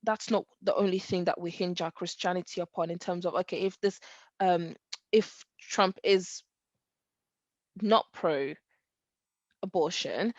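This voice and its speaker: Woman cohost chatting, animated, acts out quotes, dull dry mic. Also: fairly low pitch, takes it slowly, pauses often, dry recording. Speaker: podcast co-host. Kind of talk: casual faith discussion.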